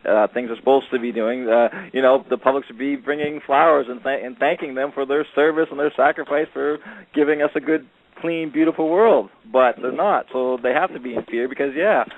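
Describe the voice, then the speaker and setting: A man's voice: medium pitch, brisk, slight background noise. A man telling a long story in casual radio chat, rambling with many fillers and acting out the voices of the people he met. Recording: phone-line call-in radio audio.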